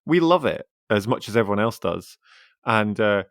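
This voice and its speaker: A man's voice: fairly low pitch, lively intonation, normal speed, no room sound, studio quality. A man co-hosting a toy podcast, chatting in a playful, enthusiastic casual way. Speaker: podcast co-host. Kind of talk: casual chat.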